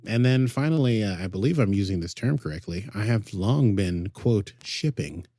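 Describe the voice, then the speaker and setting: On a podcast he co-hosts, a man banters playfully and enthusiastically, like a fan, about a TV episode. His fairly low, dark-toned voice is animated and moves at a normal speed.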